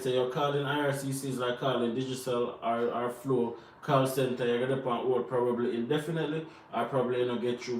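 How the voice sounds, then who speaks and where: An earnest Jamaican man co-hosts a casual live Q&A, stressing each piece of advice more than once. His voice sits at an ordinary pitch for a man. He is picked up from a distance in a reverberant room, with faint background noise. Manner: earnest, advice-giving, repeats himself for emphasis. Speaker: co-host answering viewer questions. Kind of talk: live Q&A chat.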